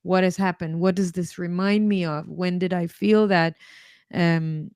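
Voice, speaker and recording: A woman host speaks in a lowish, smooth, resonant voice, thinking aloud with small restarts. The sound is close and dry, with almost no room around it. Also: steady tone, unhurried, a little mellow, no echo. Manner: thoughtful, searching phrasing with restarts. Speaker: podcast host. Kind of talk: reflective interview talk.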